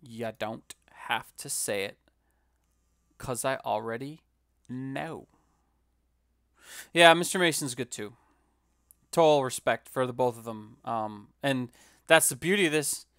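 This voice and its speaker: A man's voice: medium pitch, takes it slowly, pauses often, a bit bright, clean tone, no room sound, studio quality. A man casually commenting while building on a live stream, joking and rambling with self-mocking asides.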